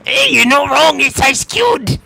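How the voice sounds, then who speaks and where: A man's voice: very high voice, sing-song, unhurried, vocal fry, pushed and bright, pitched above the performer's own voice, full character voice, low-quality recording. A man voicing mocking, cruel male orc soldiers on an online voice call in a tabletop game. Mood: taunting. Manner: gloating, licking blades, barking orders.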